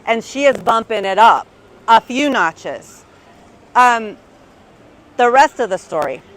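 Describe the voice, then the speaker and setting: A woman's voice: fairly high pitch, takes it slowly, poor audio. Upbeat storytelling woman in her fifties. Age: 50s. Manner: lively, tag questions like "right?". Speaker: real estate agent. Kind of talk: motivational keynote storytelling. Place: conference stage.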